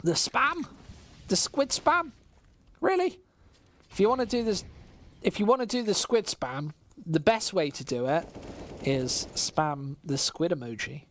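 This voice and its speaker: A man with a West Midlands English accent doing solo play-by-play commentary on a live stream, casual and chatty with chat, surging loud and high on big plays. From West Midlands, England. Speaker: esports commentator.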